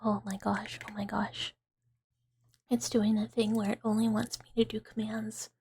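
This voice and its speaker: A young adult woman streamer in a whispered ASMR chat, rambling playfully in soft unvoiced whispers and giggling. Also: mid-range voice, little pitch movement, moderate pace, husky.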